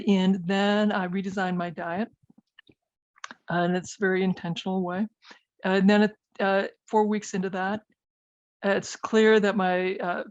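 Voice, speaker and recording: A woman's voice: mid-range voice, no echo. Middle-aged woman, physician guest, hesitant with fillers, dry muffled audio. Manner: hesitant, many fillers and restarts. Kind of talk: conversational interview.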